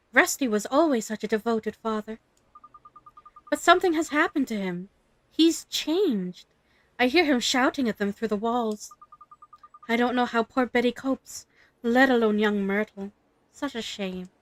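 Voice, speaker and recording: A woman's voice: a little high, slight background noise. Name: none. a woman reading as a gossipy old neighbor lady. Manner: fussy, sympathetic, chatty. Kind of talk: reading game dialogue aloud.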